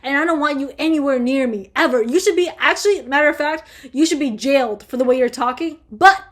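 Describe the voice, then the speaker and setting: A young woman vlogger answering viewer questions in a casual, heated rant, swearing constantly and filling every pause with fillers. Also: sits high. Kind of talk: casual ranting chat.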